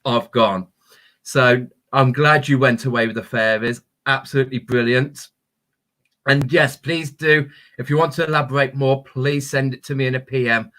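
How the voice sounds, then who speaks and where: Brief: man, crystal-healing livestream host, gentle and encouraging, mid pitch. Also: fairly even intonation, moderate pace. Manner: gentle, encouraging, spiritual talk with many ums. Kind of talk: live-stream chat reading viewer comments.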